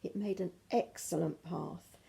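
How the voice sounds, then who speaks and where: An older woman reading a picture book aloud to her grandchildren, with gentle, chatty asides. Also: fairly low pitch, measured pace, gravelly, breathy edge.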